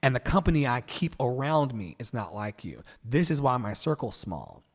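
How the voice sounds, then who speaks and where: A man from Virginia hosting a livestream, delivering an impassioned, preachy monologue with sudden loud outbursts and soft asides. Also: medium pitch, very animated, moderate pace, big-room sound. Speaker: livestream host.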